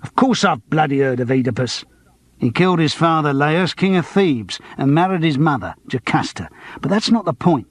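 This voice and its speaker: A man voicing a stubborn comedian who speaks bluntly and flatly. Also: fairly high pitch, normal speed, no echo, pitched above the performer's own voice. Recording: dry close studio.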